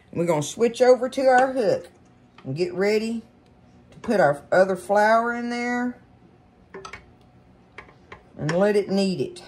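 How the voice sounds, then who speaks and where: A woman's voice: mid-range voice, slight background noise. Folksy woman cooking at home. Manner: chatty, folksy, keeps addressing viewers as y'all. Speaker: cooking show host. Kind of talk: casual cooking demonstration. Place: home kitchen.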